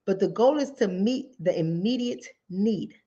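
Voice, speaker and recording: A woman's voice: mid-range voice, expressive, unhurried, mellow, husky. A woman hosting a mental health talk show, speaking in an emphatic, informal way and repeating phrases to drive her points home. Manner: informal speech, acts out callers and her own replies. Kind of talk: conversational commentary. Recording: dull lo-fi recording.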